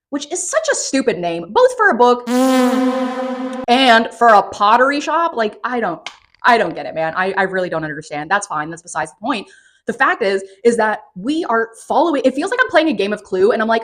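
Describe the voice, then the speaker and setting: A woman giving a casual, profane and sarcastic spoken book review, recapping the plot with animated energy. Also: mid-range voice, brisk.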